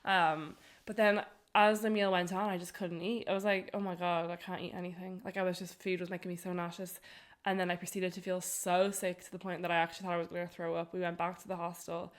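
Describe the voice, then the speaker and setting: A woman telling a travel story on a podcast, animated and full of laughter. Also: on the low side, quick pace. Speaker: podcast co-host. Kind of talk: casual storytelling chat.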